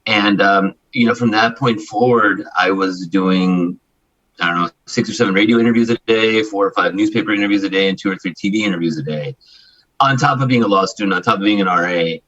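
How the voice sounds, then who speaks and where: Brief: forties male interview guest, low voice, husky timbre, lo-fi remote line. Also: fairly bright tone. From Chicago, United States. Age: 40s. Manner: emphatic, fast-flowing with frequent restarts. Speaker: guest, human rights attorney. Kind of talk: candid interview talk.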